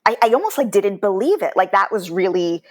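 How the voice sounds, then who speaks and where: A woman's voice: mid-range voice, big pitch swings, fairly quick. A woman talking casually as a guest on a podcast, full of "like" and restarts. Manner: chatty, lots of "like" and restarts.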